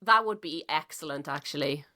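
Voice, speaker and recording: A woman podcast host with a somewhat low voice, chatting casually and swearing freely. She gushes with enthusiasm about what she loves, and she is just getting over a cold. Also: moderate pace, bright, forceful tone. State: recovering from a cold. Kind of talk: casual interview chat.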